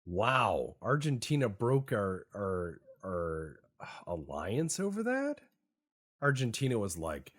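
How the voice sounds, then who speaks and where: A man with a very low, husky voice talks through a strategy game in a wry, sarcastic, meandering way. He speaks slowly, and his pitch swings widely as he jokes. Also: big pitch swings. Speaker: gaming YouTuber. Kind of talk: casual gameplay commentary.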